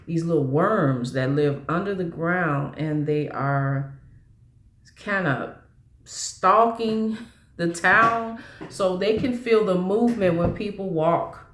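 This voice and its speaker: A woman's voice: fairly low pitch, slow, a bit bright, echoey room. A woman chatting casually about movies, rambling along with frequent restarts and fillers. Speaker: movie vlogger.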